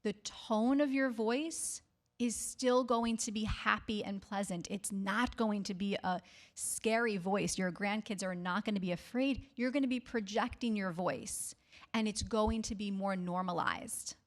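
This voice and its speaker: A woman speech therapist gives a public health talk at a library in a medium-pitched, slightly slow voice. She sounds reassuring and often checks in with her audience by asking "okay?".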